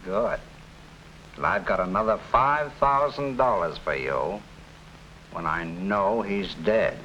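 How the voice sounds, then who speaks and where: An actor playing a greedy, nervous crime syndicate boss in an early TV crime drama, blustering and pleading. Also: male voice, on the low side, slow, bright, forceful tone. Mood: irritated. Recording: dull old TV soundtrack with faint hiss.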